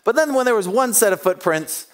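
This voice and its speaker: A man's voice: high voice, expressive, a little fast. A man preaching a sermon, telling stories with humor and acting out the voices of the people in them. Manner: humorous and self-deprecating. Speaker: pastor.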